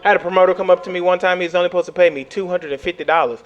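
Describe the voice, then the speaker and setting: A man from Texas doing a stand-up set on a club stage, telling animated stories and acting out the voices. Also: high-pitched, rapid-fire, highs cut off. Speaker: stand-up comedian. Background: audience laughter.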